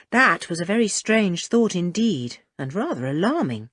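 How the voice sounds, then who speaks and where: A woman narrating a children's adventure audiobook with expressive reading. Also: lowish voice, moderate pace, hardly any pauses, no room sound, studio quality. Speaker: audiobook reader. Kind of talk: storybook narration.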